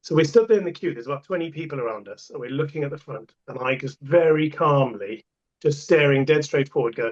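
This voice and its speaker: A man's voice: a little high, a little fast. A man, a podcast guest, telling stories in a casual, emphatic way and repeating himself for effect. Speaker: portable toilet supplier, podcast guest. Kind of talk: casual storytelling. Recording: dull lo-fi sound.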